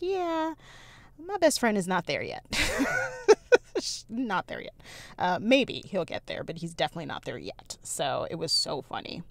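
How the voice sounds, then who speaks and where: Chatty young woman with a gravelly low voice. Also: no echo. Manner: chatty storyteller, laughs often, addresses viewers. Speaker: planner vlogger. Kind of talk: casual chat to viewers.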